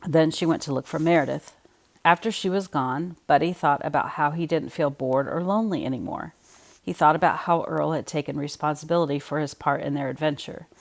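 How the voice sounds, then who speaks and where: A woman reads a children's picture book aloud at an even, measured pace. Her voice sits low and steady. She keeps the narration plain between the characters' lines. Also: vocal fry. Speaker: storybook reader.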